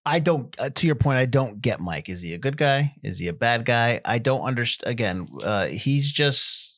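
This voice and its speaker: A man co-hosting a casual film review podcast, rambling and getting animated as he argues his points. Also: mid-range voice, moderate pace, no room sound, clean studio sound. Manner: rambling, animated when ranting.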